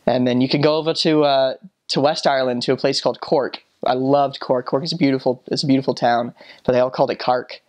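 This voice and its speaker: A man in his twenties, a former missionary, talking casually and haltingly about his time abroad. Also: mid-range voice. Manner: relaxed, halting, full of fillers. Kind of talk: casual storytelling.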